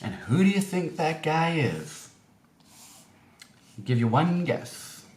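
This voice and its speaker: A man's voice: a little high, very animated, slow pace, a little mellow. Rambling man in an echoey room. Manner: rambling, many fillers and restarts. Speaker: vlogger. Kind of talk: casual storytelling. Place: indoor room. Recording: echoey room, faint noise.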